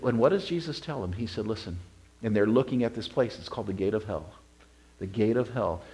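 A pastor preaching a sermon to his congregation, asking them questions and repeating key words for emphasis, moving between a hushed retelling and loud, forceful exhortation. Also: lowish voice.

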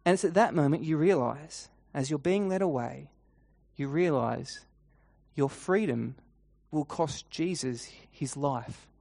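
A man's voice: a little high, creaky. Dramatic man preaching a guided meditation. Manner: dramatic, swings between loud and hushed; repeats refrain, halting restarts. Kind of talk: guided imaginative sermon in second person.

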